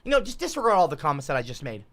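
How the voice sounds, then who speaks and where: A woman's voice: sits low, very animated, very fast. A woman streaming while she paints, rambling sarcastically and swearing often. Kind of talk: casual rambling stream talk.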